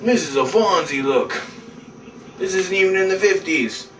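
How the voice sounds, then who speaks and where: A cocky teenage bully taunts in a lively, casual voice, done by a man retelling a game. The voice sounds roomy and distant. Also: high voice, moderate pace, slight background noise. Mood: taunting.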